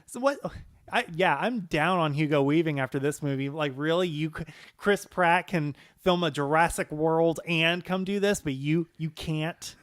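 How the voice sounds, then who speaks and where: A man co-hosting a movie podcast in animated, profane casual chat, laughing often. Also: on the high side, normal speed, dry recording. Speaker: podcast co-host.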